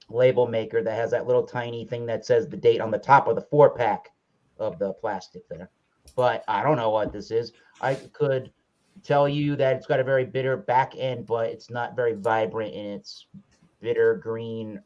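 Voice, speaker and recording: A man with a mid-range, darkish voice hosts a casual livestream chat on slightly dull lo-fi audio. He rambles and keeps correcting himself as he goes.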